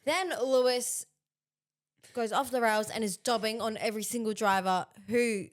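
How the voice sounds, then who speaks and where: Woman, higher voice, chatty podcast co-host who leads the segments. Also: normal speed. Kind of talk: casual chat.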